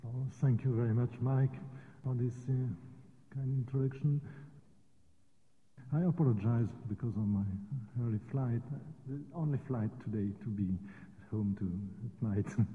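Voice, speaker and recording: A man's voice: mid-range voice, measured pace, pauses often. A man with a French accent, a native French speaker, giving a hesitant conference presentation as a university vice rector. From France. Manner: hesitant, non-native phrasing, many fillers. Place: conference room. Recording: echoey hall over a tinny phone-like line.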